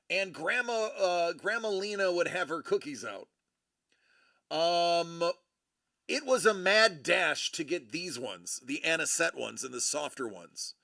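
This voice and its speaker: A man hosting a casual livestream, with a gravelly, bright voice that swoops through a lively pitch range. He rambles and often restarts his sentences. His voice sits fairly high for a man. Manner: rambling, animated, self-correcting. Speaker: livestream host. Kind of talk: casual live-stream chat.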